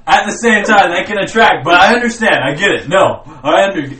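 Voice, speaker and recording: Loud laughing young guy, echoey room. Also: high voice, animated, a little fast, far from the mic. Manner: loud, laughing, riffing on silly bits. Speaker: podcast co-host. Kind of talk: crude casual banter. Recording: roomy echo, from off the mic.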